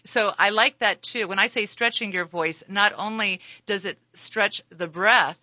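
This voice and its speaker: A woman hosting a radio interview with a bright, forward tone and an easygoing, chatty manner. The sound is dry and close, with a muffled radio quality. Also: mid-range voice, unhurried, no echo. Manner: chatty, laughs easily. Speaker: radio host.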